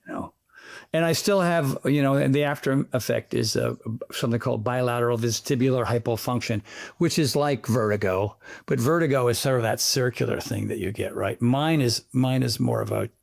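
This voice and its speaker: A man, a fitness trainer, chatting as an interview guest, telling animated, rambling stories peppered with sound effects. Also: mid-range voice, fairly quick, creaky. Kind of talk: casual interview chat.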